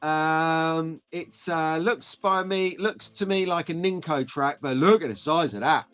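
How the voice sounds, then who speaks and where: A chatty, excitable British man in middle age hosts a casual live stream, greeting viewers one by one. His voice sits fairly high for a man. Faint music plays underneath. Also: a little slow, clean tone.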